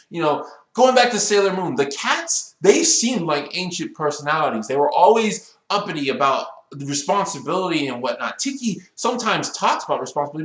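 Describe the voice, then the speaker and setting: A man in his twenties reviewing a cartoon episode in a casual rant, complaining in an exasperated, animated way that builds into outbursts. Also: high voice, unhurried, reverberant, rough recording. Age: 20s.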